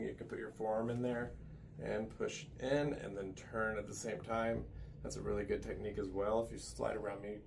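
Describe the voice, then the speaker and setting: In a massage room, a male massage therapist walks through a relaxed hands-on demo, chatting loosely as he goes. His voice is fairly low and gravelly, with slight background noise behind it.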